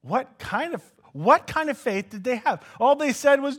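A man preaching a sermon, moving between hushed asides and loud, acted-out shouts. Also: very high-pitched, expressive, moderate pace, few pauses.

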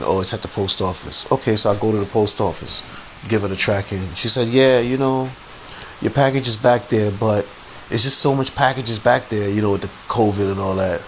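A man's voice: on the low side, slight background noise. A man hosting a podcast, telling a story in a casual, slangy, rambling way and repeating his phrases. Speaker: podcast host.

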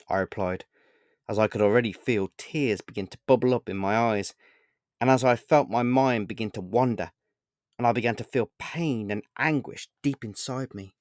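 A man's voice: medium pitch, moderate pace, dry recording, studio quality. A man reading his own first-person short story aloud with earnest, emotional delivery.

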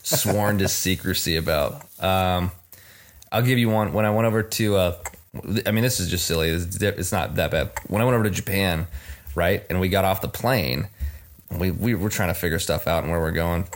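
A man's voice: sits low, normal speed. A man in casual chat, telling a story and laughing often as he talks. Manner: laughs often while talking.

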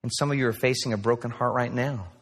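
A man's voice: mid-range voice, fast talker. Earnest preaching man in a reverberant hall. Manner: earnest, storytelling. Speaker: pastor. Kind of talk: sermon. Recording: played sermon recording with long reverb.

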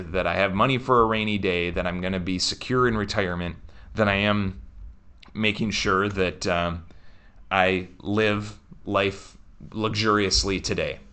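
A man's voice: lowish voice, sharp tone, clear, resonant tone. A man co-hosting a podcast in casual chat, earnest and giving advice to listeners. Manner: earnest, advising, cautious. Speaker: podcast co-host.

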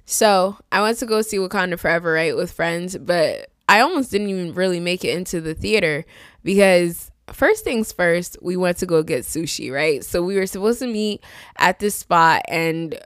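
A woman's voice: on the low side, a bit bright, no room sound, clean studio sound. A woman in her thirties hosting a podcast, talking in a chatty, playful, sassy way. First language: immigrant with a fading accent. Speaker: podcast host. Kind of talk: casual chat monologue.

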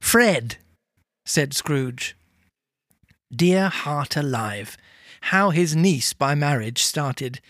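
A man's voice: a little high, drawn-out words, dry recording, studio quality. Man reading a classic novel aloud. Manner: lively, amused storytelling. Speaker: reader.

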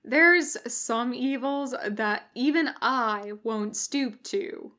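A woman's voice: on the high side, drawn-out words, pushed and bright, heavily acted. A woman voicing a cranky, weary male demon. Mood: exasperated. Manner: grumbling, exasperated. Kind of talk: fan audiobook reading.

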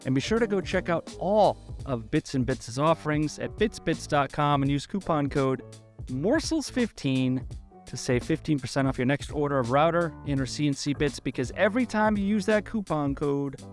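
A man co-hosting a podcast, reading sponsor ads and slipping deadpan absurd jokes into the copy. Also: a little high, normal speed, soft background music. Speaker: podcast co-host. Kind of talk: joking sponsor ad read.

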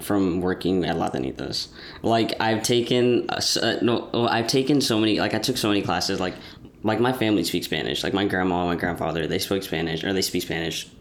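Deep-voiced young man, rambling chat. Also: moderate pace, gravelly. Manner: rambling, filler-heavy, many restarts. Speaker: podcast host. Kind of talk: casual chat.

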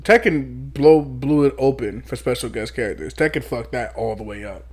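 A man's voice: medium pitch, a little mellow. A man in casual chat with friends, joking and laughing as he talks. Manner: quick, laughing banter.

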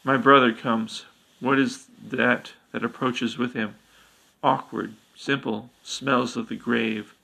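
A man with a gravelly voice reading the lines of a cruel, haughty female elf queen, speaking in an imperious, accusing manner. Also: mid-range voice, steady tone, slow pace, bright, forceful tone, full character voice, low-quality recording. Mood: alarmed.

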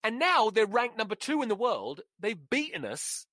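A man's voice: sits high, wildly swooping pitch, moderate pace, sharp tone, dry recording, studio quality. Sweary, ranting man. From England. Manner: profane, sarcastic ranting. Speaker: podcast host. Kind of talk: ranting solo podcast. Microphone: close mic.

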